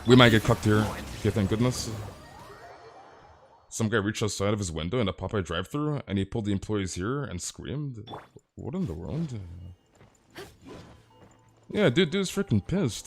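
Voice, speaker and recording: A man's voice: fairly low pitch, animated, normal speed, pauses often, faint music behind. A man chatting casually on a live game stream, ranting animatedly and peppering his talk with "freaking" and "dude".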